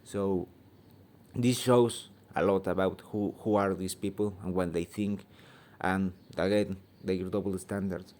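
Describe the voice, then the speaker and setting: Mexican guy ranting on his channel in second-language english, lots of ums, swears, soft dark tone. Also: sits low, fairly even intonation. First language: Spanish. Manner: halting, searching for words, many ums; blunt, swears freely. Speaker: channel host. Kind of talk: opinion vlog rant.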